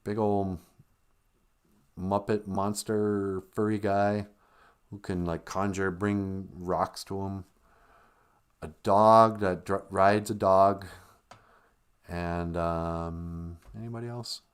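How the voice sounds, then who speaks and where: A man's voice: low voice, steady tone, slow, pauses often, clear, resonant tone. A man hosting a podcast, rambling through a casual comic movie recap with digressions and self-corrections. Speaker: podcast host.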